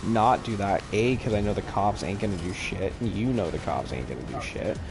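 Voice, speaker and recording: A man on a live stream telling profane, animated stories about trouble at work. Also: fairly low pitch, a little fast, over music. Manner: profane, animated storytelling with acted quotes. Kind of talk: casual chat while gaming. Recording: noisy stream audio.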